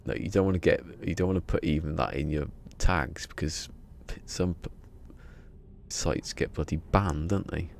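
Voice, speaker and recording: Gravelly deep-voiced man streaming. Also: moderate pace, a little hiss or hum. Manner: joking, rambling, laughs often. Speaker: live streamer. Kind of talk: casual live stream chat.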